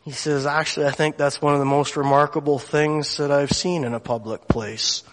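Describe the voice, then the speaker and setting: Man, fairly high voice, lively storyteller, long hall reverb. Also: moderate pace. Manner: animated storyteller acting out quoted voices. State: tearful at moments. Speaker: speaker telling a story. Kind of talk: storytelling sermon.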